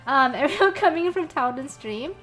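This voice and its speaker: A chatty young woman hosting an art stream, talking on a desk mic over a voice call. Her voice sits a little high, and soft music plays underneath her talk. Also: animated, a little fast. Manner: chatty, laughs often, many ums. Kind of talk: casual stream chat.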